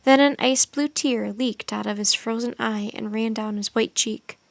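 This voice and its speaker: A woman reads a storybook aloud in a steady, expressive voice. Her voice sits a bit high. The recording is dry and close, with no room sound. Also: normal speed, gravelly, no echo.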